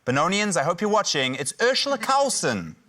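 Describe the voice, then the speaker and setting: A man's voice: high voice, big pitch swings, a little fast, pushed and bright, some chatter behind. A man with a New Zealand accent, co-hosting a TV game show and introducing segments with playful puns. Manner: playful, punning announcer. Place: TV studio.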